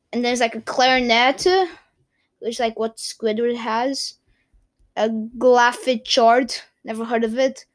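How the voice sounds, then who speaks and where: A young woman chatting casually to her viewers, rambling and giggling as she stumbles over words. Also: on the high side. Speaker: vlogger.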